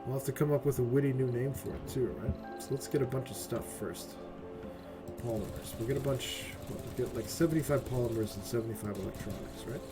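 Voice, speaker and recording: Speaking a little fast in a medium-pitched voice, a game streamer chats casually about his gameplay over game music. He swears freely and keeps tacking "right?" onto what he says.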